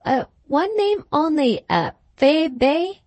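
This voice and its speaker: A woman voicing a secretive French manservant with a French accent, speaking in hushed confidences. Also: high-pitched, sing-song, slow pace, no echo, pitched above the performer's own voice, heavily acted. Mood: confiding.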